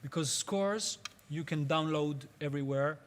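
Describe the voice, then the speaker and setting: Male workshop teacher, slightly raised pitch, patient and halting, searching for English words. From Israel. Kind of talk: spoken workshop lecture.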